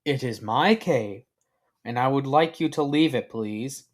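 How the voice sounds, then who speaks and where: A man's voice: medium pitch, measured pace, natural voice. A man doing a weary grumpy cave hermit. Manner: dry, tired and exasperated.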